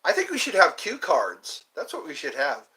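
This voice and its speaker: A man's voice: a little high, wildly swooping pitch, moderate pace, sharp tone. Rambling man chatting on a live stream. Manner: rambling, joking, chatting to viewers. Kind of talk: casual live-stream chat.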